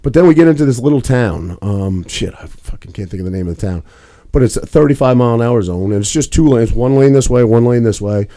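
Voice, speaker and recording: Young man, podcast co-host, rapid profane storytelling, dark low-key tone. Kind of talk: casual chat.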